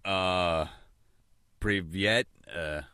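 A man's voice: sits low, drawn-out words, bright, forceful tone, clear, resonant tone, no echo, clean studio sound, full character voice. A man as a sarcastic American adventurer. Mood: awkward. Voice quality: sarcastic, wisecracking. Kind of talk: audio drama acting.

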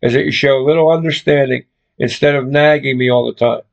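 A man's voice: medium pitch, steady tone, a little fast, vocal fry, pitched below the performer's own voice, lightly acted. A man voicing an evasive, condescending young man who talks in curt, dismissive lines, on a dull lo-fi recording. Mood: defensive.

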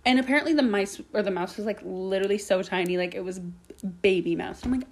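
Speaking quickly at a medium pitch, a young adult woman rambles through her podcast, skipping between subjects and cursing often. Slight background noise can be heard.

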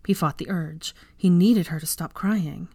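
A woman with a lower voice narrates a story in a steady, measured way, like an audiobook. The sound is dry and close, with no room ring. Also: husky, no echo. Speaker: fan fiction reader.

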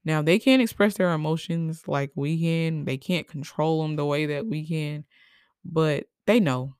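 A young woman hosting a personal podcast, speaking emotionally and haltingly, with many fillers, and at times crying. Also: low voice, darkish tone, smooth, no room sound, studio quality. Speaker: podcast host. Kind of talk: personal reflective monologue.

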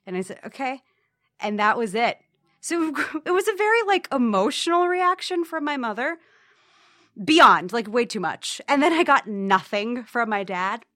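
A young woman with a fairly high voice tells a personal story in a casual, wry tone. She slips into the voices of the people in it. The sound is dry and close, with almost no room. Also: lively intonation, measured pace, fairly bright tone, dry recording. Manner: chatty, wry, acts out voices of others.

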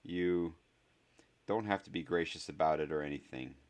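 An earnest boy of about eleven, intense and a little awkward, stumbling through words with halting ums, as a man reads him aloud in a storybook. The voice sits fairly low, only lightly lifted for the boy. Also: a little mellow. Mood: contrite. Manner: hesitant apology, faltering with ums.

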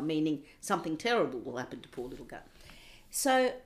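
A woman recounting a painful childhood memory in an interview, intense and sometimes dropping to a hushed whisper. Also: low voice, very animated, moderate pace. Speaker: interview guest. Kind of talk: personal storytelling.

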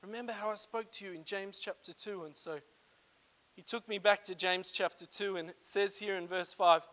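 An emotional pastor preaching a sermon in church, moving from hushed, confiding talk to loud, fervent calls. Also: male voice, high-pitched, steady tone, moderate pace. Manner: emotional, swings from hushed to shouting.

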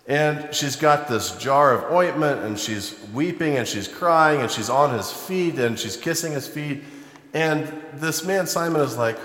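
A man preaching a sermon, retelling a Bible story in a conversational storytelling way and turning animated when he acts out the people in it. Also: mid-range voice. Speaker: pastor. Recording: echoey hall, long reverb.

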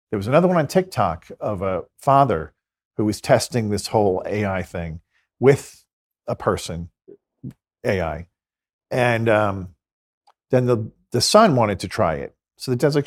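Low-voiced priest telling stories. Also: male voice, lively intonation, a little slow. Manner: earnest, tells stories with quoted dialogue. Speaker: Catholic priest and exorcist. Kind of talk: conversational interview storytelling.

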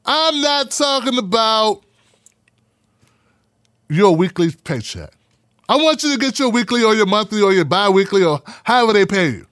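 A man hosting a live podcast, talking in an animated, preachy way and repeating phrases for emphasis. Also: high-pitched, brisk, dry recording, clean studio sound. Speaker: podcast host. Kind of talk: live-streamed podcast talk.

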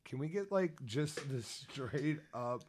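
A man's voice: medium pitch, lively intonation, slow pace, a little mellow, a little hiss or hum. A man co-hosting a podcast, casual and profane, explaining at length. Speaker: podcast co-host.

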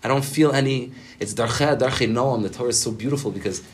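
A rabbi teaching his weekly gathering gives a spontaneous Torah talk in a room, speaking fast in a mid-range voice. He's casual and rambling, with many fillers and Hebrew terms.

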